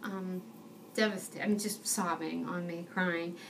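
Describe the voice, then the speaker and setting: A woman's voice: fairly low pitch, fairly even intonation, measured pace, vocal fry, distant mic, background noise. A young woman giving a personal testimony, telling the story in an earnest, self-deprecating way.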